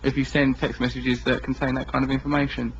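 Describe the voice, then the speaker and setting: A man's voice: mid-range voice, level tone. Mocking Essex man hosting radio. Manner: mocking, quick with comic put-on voices. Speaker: radio host. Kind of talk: casual radio chat. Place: radio studio. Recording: dull radio broadcast with faint hiss.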